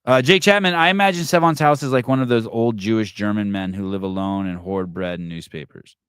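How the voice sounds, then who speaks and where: Profane, low-voiced man telling a story. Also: a little fast, fairly bright tone, clean tone, dry recording, clean studio sound. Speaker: podcast host. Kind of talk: casual storytelling and reading comments.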